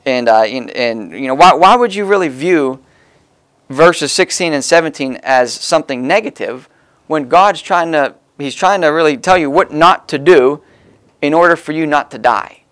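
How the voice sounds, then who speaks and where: A man's voice: fairly high pitch, expressive, normal speed, fairly bright tone. A man preaching a sermon in a folksy, conversational way, stressing key words as he explains the text.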